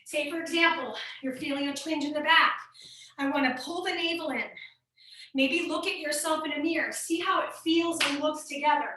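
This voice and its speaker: A woman's voice: high voice, fairly even intonation, moderate pace, noisy background. A woman fitness instructor with a light Midwestern accent, leading a workout class and coaching upbeat and encouraging while she exercises. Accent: Midwestern American. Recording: echoey room, mic at a distance.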